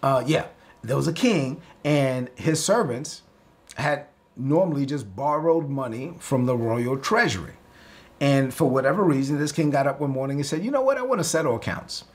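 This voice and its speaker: A man's voice: mid-range voice, normal speed. A man from Brooklyn with a Brooklyn accent, preaching a sermon in a casual, storytelling way. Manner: casual, storytelling with lively acted-out voices. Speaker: pastor.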